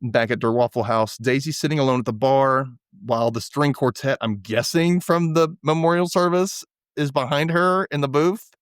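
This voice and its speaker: A man's voice: medium pitch, normal speed, clear, resonant tone, no room sound, studio quality. A man hosting a podcast, casually recapping a TV episode and acting out the characters' lines in little voices. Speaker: podcast host.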